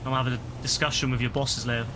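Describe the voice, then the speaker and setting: A tired man races through live commentary while streaming a game, his voice mid-pitched and level in tone. Frustrated, he exclaims at the game and talks to himself, and his voice is beginning to crack. The game's audio is clearly heard behind him.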